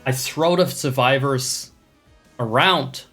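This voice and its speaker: A man's voice: mid-range voice, slow pace, pushed and bright, soft background music. A man streaming a video game, chatting with viewers in a rambling, wry way, swearing and putting on mock-imperious airs. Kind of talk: casual gameplay chat with viewers.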